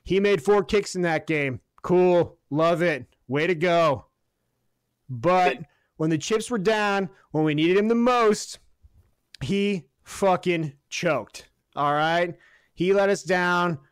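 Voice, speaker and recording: Ranting high-voiced man, dry close mic. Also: takes it slowly, smooth, no echo. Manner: heated, sarcastic, swearing, builds to shouts. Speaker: podcast co-host. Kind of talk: profane sports rant.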